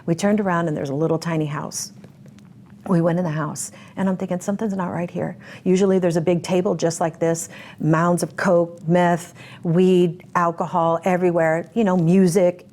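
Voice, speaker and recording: Low-voiced woman telling her story. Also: level tone, moderate pace, a little mellow. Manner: emphatic, acts out quoted speech, repeats words for effect. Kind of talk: personal testimony in a sit-down interview.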